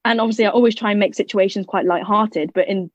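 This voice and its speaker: Young British woman, casual storytelling, jokey and animated, mid-pitched voice, dull slightly lo-fi sound. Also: fast talker, no echo. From United Kingdom. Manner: lively, jokey, acts out other people's lines.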